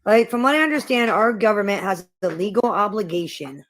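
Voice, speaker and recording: A woman's voice: medium pitch, a little fast, dry recording. Hesitant, chatty middle-aged woman. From Iowa, USA. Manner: hesitant, repeats words, casual and chatty. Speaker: livestream host. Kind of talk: casual livestream chat.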